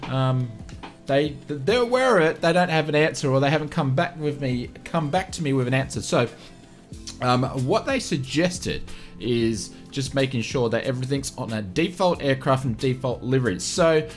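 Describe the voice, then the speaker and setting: A man's voice: mid-range voice, lively intonation, normal speed, soft background music. A man with an Australian accent, hosting a flight sim live stream and greeting viewers in a chatty, friendly way with many fillers.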